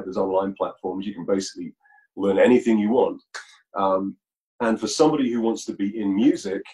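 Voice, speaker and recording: Mellow low-voiced man on a video call. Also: poor audio. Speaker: musician guest. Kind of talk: casual video call interview.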